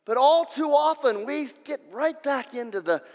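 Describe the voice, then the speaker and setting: A pastor preaching a sermon, emphatic and repetitive, swinging between loud passages and hushed ones. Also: male voice, very high voice, lively intonation, moderate pace, big-room sound.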